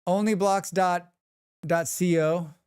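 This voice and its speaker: A man's voice: sits high, steady tone, slow, a little mellow, clear, resonant tone, dry recording, studio quality. A man streaming live, chatting casually and joking with his chat. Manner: rambling, joking, reacts to chat.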